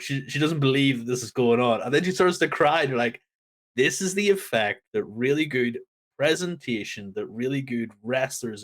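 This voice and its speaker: A man co-hosting a casual wrestling chat, telling stories with lively acted-out reactions. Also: fairly low pitch. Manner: animated storytelling, acts out crowd reactions. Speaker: podcast co-host.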